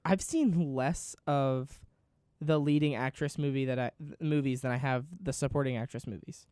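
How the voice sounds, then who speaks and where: A podcast co-host with a medium-pitched, slightly mellow voice speaks at a moderate pace, chatting casually and reading out a list of nominees. The sound is clean studio audio with no room sound.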